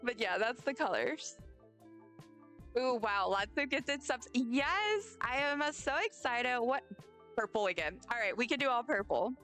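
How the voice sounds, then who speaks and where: A young woman streams a game and chats casually, rambling effusively and often stumbling over her words. Her voice is fairly high, expressive and a bit bright, her pace unhurried, with faint game music behind her.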